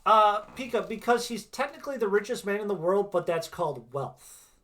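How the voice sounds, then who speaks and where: A man's voice: high voice, animated, normal speed, sharp tone. A man from Wisconsin, hosting a tarot reading livestream in a chatty, reassuring way, often tagging "right?" onto his points. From Wisconsin, USA. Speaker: tarot reader and livestream host. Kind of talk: casual livestream chat.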